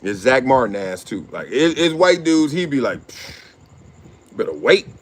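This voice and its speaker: A man's voice: medium pitch, big pitch swings, normal speed. A middle-aged man hosting his own show, riffing in slangy casual commentary, laughing often and acting out quotes. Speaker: show host.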